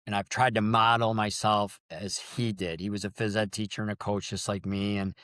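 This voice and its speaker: A middle-aged man with a low, smooth, resonant voice, telling heartfelt stories as a guest in a conversation. He speaks openly and earnestly, and the recording is close and dry. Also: level tone, normal speed, fairly bright tone, no room sound. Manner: earnest, emotional storytelling. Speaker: guest, sports official. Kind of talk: storytelling interview.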